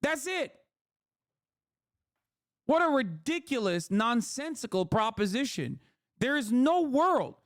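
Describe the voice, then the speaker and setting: A man's voice: very high-pitched, a bit bright, dry recording, studio quality. A man hosting a stream, reacting to clips with sarcastic, profane political commentary. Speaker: streamer host.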